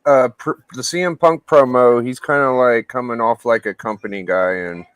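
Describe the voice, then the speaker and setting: A man's voice: mid-range voice, normal speed, fairly bright tone, a little hiss or hum. A man hosting a live stream, chatting casually and swearing a bit. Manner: laid-back, swears casually. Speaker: streamer host.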